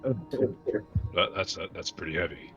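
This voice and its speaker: Male player, very deep voice, bright forceful tone, wry and blunt. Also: animated, slow pace, dull audio, soft background music. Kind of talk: casual tabletop game chat.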